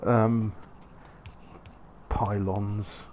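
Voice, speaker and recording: A man's voice: fairly low pitch, little pitch movement, drawn-out words, a little mellow, a little hiss or hum. A man giving casual, rambling commentary while playing a factory-building game, correcting himself and making wry asides. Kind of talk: casual let's-play commentary.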